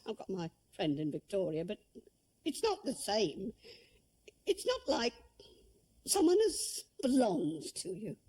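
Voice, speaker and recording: Husky, tearful cook. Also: female voice, mid-range voice, sing-song, a little slow, pauses often, dark tone. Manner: defensive, then tearful and heartfelt. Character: proud touchy older female household cook. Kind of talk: period television drama.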